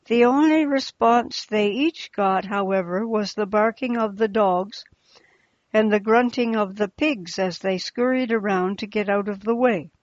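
A woman reading a storybook aloud in a slow, deliberate storytelling manner, in a slightly muffled recording. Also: mid-range voice, no room sound. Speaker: narrator.

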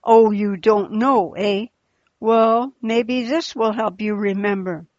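A woman's voice: mid-range voice, steady tone, slow pace, a little mellow, no room sound, lightly acted. A woman voicing a gang of male rebel robbers who snarl and mock threats, in a slightly muffled recording.

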